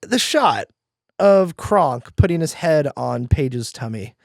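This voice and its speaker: A man's voice: fairly high pitch, big pitch swings, slow pace, gravelly, no room sound. A man co-hosting a podcast, chiming in with dry, wry asides in casual chat. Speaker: podcast co-host.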